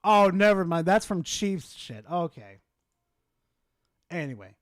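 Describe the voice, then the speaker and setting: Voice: mid-range voice, expressive, measured pace, noisy background. A streamer reacting to a game video, exasperated and critical, swearing often. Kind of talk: profane reaction commentary.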